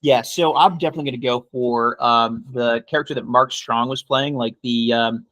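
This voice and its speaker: A man co-hosts a casual film chat, loose and jokey with plenty of casual swearing. His voice sits at a middle pitch. It is recorded close and dry, with no room sound. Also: fairly even intonation, normal speed, fairly bright tone, no room sound. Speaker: podcast co-host.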